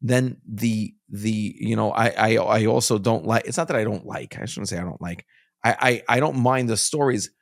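A man's voice: on the low side, normal speed, gravelly, no room sound, clean studio sound. Easygoing podcast co-host, man. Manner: easygoing, hesitant restarts when making a point. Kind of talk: casual chat. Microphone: studio mic.

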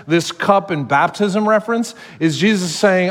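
A male pastor giving a sermon in a conversational, animated storytelling manner. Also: high voice, moderate pace, few pauses, in a large hall.

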